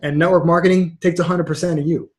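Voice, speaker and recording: A man's voice: a little high, fairly even intonation, quick pace, a little mellow. A middle-aged man, a mindset coach, talking casually in an interview over a video call, rambling and repeating words with frank energy. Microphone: webcam about two feet away.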